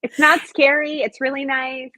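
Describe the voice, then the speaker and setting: A woman's voice: high voice, little pitch movement, moderate pace, pushed and bright, no echo. A middle-aged woman comedian, a guest on a show, reacting with enthusiasm and laughing often. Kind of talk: casual interview chat. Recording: dull, dry, lo-fi sound.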